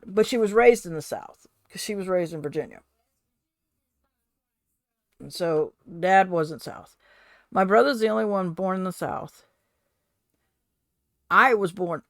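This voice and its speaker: A woman chats casually at a home desk as a streamer. She thinks aloud and laughs often. Her voice sits at a middle pitch and sounds dry and close to the mic. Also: measured pace, long pauses, dry recording. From California, USA. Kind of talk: casual chat while journaling.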